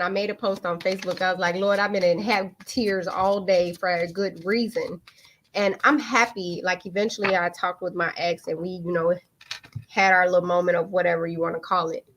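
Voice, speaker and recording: A woman's voice: fairly low pitch, moderate pace, a little hiss or hum. Candid woman telling a personal story. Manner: candid, animated, swings into lively quoted voices. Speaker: host of a live online talk stream.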